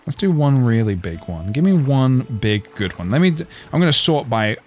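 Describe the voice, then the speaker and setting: An English-accented man chats casually on a home stream, thinking out loud in a mid-pitched voice. He drifts into asides, trails off and picks his sentences back up. Soft music plays quietly underneath. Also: big pitch swings, normal speed. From England. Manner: musing and chatty, trails off and restarts, laughs to himself. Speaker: live streamer. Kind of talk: casual live-stream chat, reading posts aloud.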